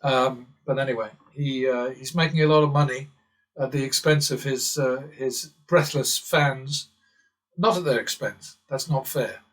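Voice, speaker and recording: A man's voice: medium pitch, steady tone, a little slow, a bit bright, recorded from a distance. An English man hosting his own channel, talking in a rambling, sardonic monologue and chuckling as he wanders off topic. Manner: digressive and sardonic, chuckles often. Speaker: channel host.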